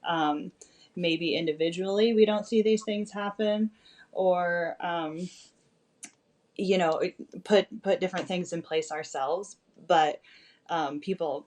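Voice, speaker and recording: Thoughtful, halting woman on a podcast. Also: low-pitched, darkish tone. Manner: thoughtful, halting with many ums. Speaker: behavior analyst and podcast co-host. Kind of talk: casual podcast chat.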